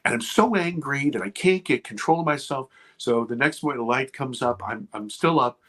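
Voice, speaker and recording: A man in his fifties, a podcast guest and producer, telling an intense personal story with swearing and animated retelling. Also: medium pitch, moderate pace. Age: 50s. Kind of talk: emotional storytelling in conversation.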